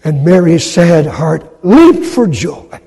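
A man preaching a sermon in a dramatic way, acting out quoted speech in loud, high bursts. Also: very animated, slow pace, husky. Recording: long hall reverb.

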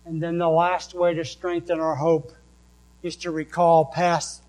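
A man with a New England accent delivers a sermon, reading out verse after verse at an unhurried, deliberate pace. His voice sits a little high for a man. A faint electrical hum runs under the recording. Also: completely flat delivery, a little mellow, rough recording. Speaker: pastor.

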